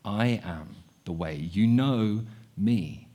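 Slow and on the low side, a young man's voice carries this sermon. He sounds earnest, repeating words as he works through his thoughts aloud, sometimes quiet and sometimes animated.

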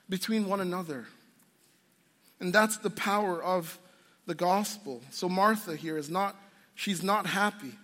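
A man's voice: high voice, a bit bright, long reverb tail. A male pastor preaching a sermon in an earnest, storytelling way, often restarting his sentences.

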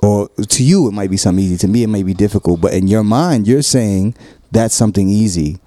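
Man with a very dark, low voice. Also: quick pace, dry recording, clean studio sound. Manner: earnest, explains at length with repeated examples. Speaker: podcast co-host. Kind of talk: casual relationship talk.

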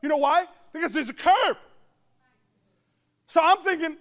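Man preacher, very high voice, lively joking sermon, loud outbursts. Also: measured pace. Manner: animated, joking asides, bursts of shouting. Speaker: pastor. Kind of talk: humorous storytelling sermon. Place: church service before a congregation.

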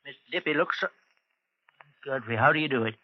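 A man's voice: mid-range voice, brisk, no echo, natural voice. An actor playing a folksy, homespun rural male sheriff in 1940s radio acting, on a dry lo-fi old broadcast. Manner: folksy, drawling, homespun sayings.

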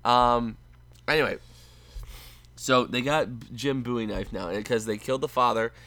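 A man's voice: medium pitch, fairly even intonation, moderate pace, bright, forceful tone, no echo. A man co-hosting a casual film review podcast, rambling and restarting as he argues his points. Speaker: podcast co-host.

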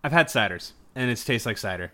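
A man co-hosts a casual chat podcast, bright and forceful in tone. He tells stories with animated energy, swears often, and slips into mock-angry outbursts. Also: mid-range voice, fairly quick. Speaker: podcast co-host.

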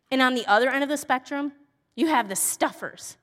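A middle-aged woman speaking at a women's church event, telling personal stories earnestly and moving between bright emphasis and hushed, tender softness. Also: high-pitched, brisk. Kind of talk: personal teaching talk. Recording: long reverb of a large hall.

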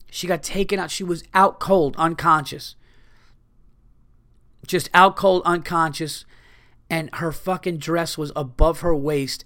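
A podcast host talking in a rambling, profane, self-interrupting casual monologue. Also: male voice, a little high, bright, forceful tone.

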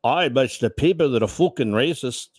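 A man's voice: mid-range voice, animated, fairly quick, darkish tone, dry recording, clean studio sound. A man giving angry political commentary, sarcastic and full of swearing. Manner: sarcastic, profane.

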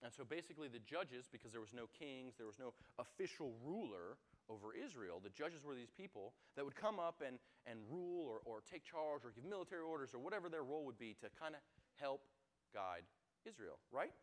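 A young man giving a youth sermon, telling a self-mocking personal story in a lively, joking way. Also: medium pitch, brisk. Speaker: youth speaker.

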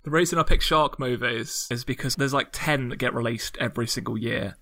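Fast, bright-voiced man podcaster. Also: medium pitch. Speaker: podcast co-host who picks the films. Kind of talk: casual film-review chat.

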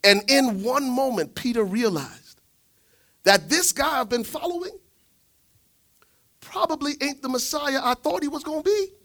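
A man preaching a sermon, telling the story dramatically, swinging from shouts to hushed asides. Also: very high voice, lively intonation, unhurried, pauses often.

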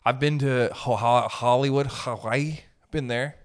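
A young man doing a casual comedic monologue, rambling and joking with swerving pitch and pace. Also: fairly even intonation, unhurried. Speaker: comedian host.

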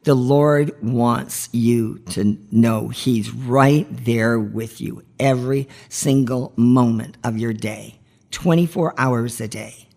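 A woman's voice: extremely low pitch, slow pace, vocal fry, mellow. A woman hosting a marriage ministry podcast, giving heartfelt devotional teaching in an earnest, pleading way.

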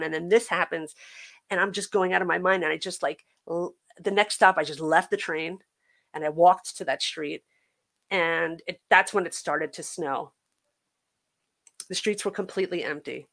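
Gravelly-voiced woman telling her story. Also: fairly low pitch, a bit bright. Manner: halting, earnest, many restarts and fillers. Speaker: podcast guest. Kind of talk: personal recovery story told in conversation.

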